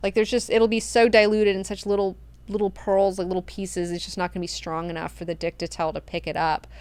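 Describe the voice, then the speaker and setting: A woman's voice: mid-range voice, level tone, a little fast, darkish tone, smooth, dry recording, close to an everyday voice. A woman doing a slangy, profane god-emperor. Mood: doting. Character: ancient male god-emperor, blunt and self-important.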